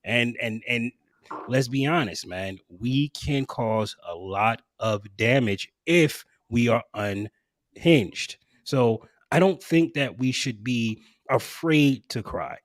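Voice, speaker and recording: A man's voice: medium pitch, expressive, takes it slowly, no echo, studio quality. A man hosting a casual podcast panel, talking emphatically and repeating phrases for effect. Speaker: podcast host. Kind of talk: casual group discussion.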